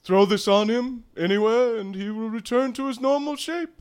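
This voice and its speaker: A man's voice: very high-pitched, normal speed, a little mellow, clear, resonant tone, pitched above the performer's own voice. A man voicing a pompous, flirtatious male paladin who speaks in grand, syrupy tones. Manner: grandiose, syrupy pet names.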